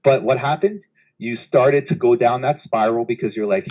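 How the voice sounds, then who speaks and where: A man hosting a trading livestream, telling a story in a casual, animated way and acting out a trader's inner voice. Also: medium pitch, normal speed, poor audio.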